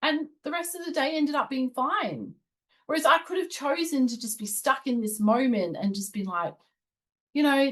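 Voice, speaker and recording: A woman's voice: high-pitched, animated, normal speed, fairly bright tone, low-quality recording. A woman hosting a spiritual channel, giving casual commentary and sharing personal stories in an earnest, confiding way.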